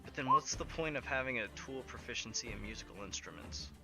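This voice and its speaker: A man's voice: mid-range voice, expressive, fast talker, music in the background. A man narrating as game master of a tabletop game, thinking aloud with plenty of hesitant fillers.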